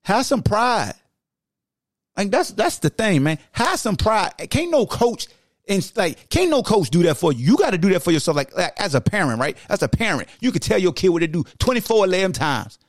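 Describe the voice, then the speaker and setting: A man in his forties hosting a sports podcast, ranting loudly in slangy talk and arguing back and forth with himself. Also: high-pitched, big pitch swings, moderate pace, no echo, studio quality. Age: 40s. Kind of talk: heated sports rant in an alter-ego persona.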